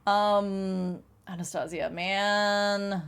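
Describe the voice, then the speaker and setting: Slow-talking young woman streamer. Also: mid-range voice, steady tone, fairly bright tone, smooth. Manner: laughs often and swears casually. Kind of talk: casual chat. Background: faint music.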